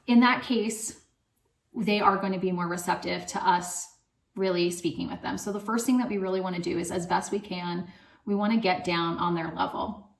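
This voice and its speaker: A woman speaking as a parenting coach, giving casual advice in a loose, chatty way full of fillers. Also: medium pitch. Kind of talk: casual advice talk to camera. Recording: echoey room.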